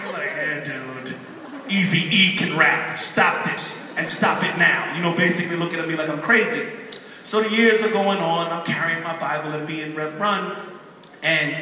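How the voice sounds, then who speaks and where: Man, high bright voice, storytelling sermon, big reverberant church hall, heard from far off. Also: slight background noise. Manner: lively, animated, acts out quotes. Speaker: guest preacher telling his story. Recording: echoey church hall from afar.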